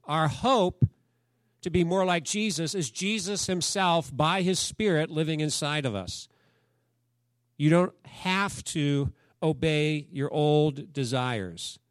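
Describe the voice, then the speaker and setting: A man's voice: on the high side, slow, dry recording, clean studio sound. A man preaching a sermon, talking in a conversational storytelling way and asking the congregation questions. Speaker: pastor.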